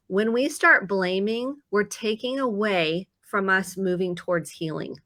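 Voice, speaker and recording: Bright-voiced woman therapist, earnest. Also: mid-range voice, animated, moderate pace, hardly any pauses, no echo. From Indiana, US. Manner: earnest, explains by acting out her own self-talk. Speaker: therapist guest. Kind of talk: live talk show conversation.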